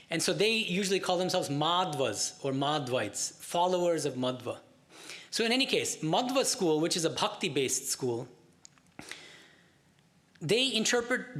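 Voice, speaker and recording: A man giving a scripture class lecture, explaining in a measured way and asking rhetorical questions. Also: fairly high pitch, fairly bright tone. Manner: slow chanting of Sanskrit verses. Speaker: Vedanta teacher.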